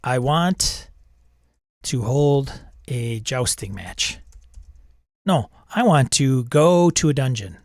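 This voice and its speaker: A man's voice: mid-range voice, expressive, slow, pauses often, darkish tone, no echo, studio quality. A man hosting, reading a text adventure aloud and reacting, wry and self-amused, chuckling at the game. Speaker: host.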